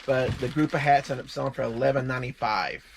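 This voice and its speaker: A man's voice: mid-range voice, fairly even intonation, fast, vocal fry, slight background noise. An older man with a Southern US accent, chatting plainly and easily as co-host of a reselling video. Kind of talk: casual chat.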